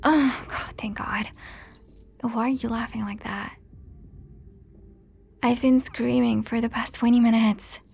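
A young woman performing an audio role-play to the listener, sarcastic and profane, often dropping into a breathy whisper. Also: fairly high pitch, steady tone, slow, pauses often, darkish tone.

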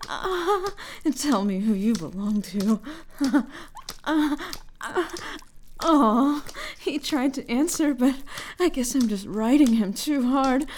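A young woman voicing a possessive, doting girlfriend in a whispered role-play, breathy, hushed and unhurried. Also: high voice, lively intonation, a little hiss or hum. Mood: heated, breathless. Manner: breathy, hushed and intimate, slow and lingering.

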